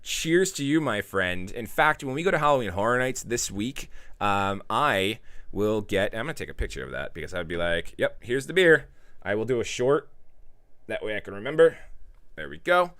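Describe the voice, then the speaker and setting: Man, stream host, low voice, loose chatty delivery, dry close mic. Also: sing-song, a little fast, a bit bright, dry recording. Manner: loose and chatty, reads out viewer chat. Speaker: livestream host. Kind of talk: casual livestream chat.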